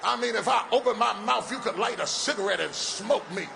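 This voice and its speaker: A middle-aged man preaching a sermon at a large event on a stage microphone, with a rhythmic delivery that builds to shouted, sing-song cadences and drops into playful folksy asides. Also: high-pitched, brisk, vocal fry, background noise.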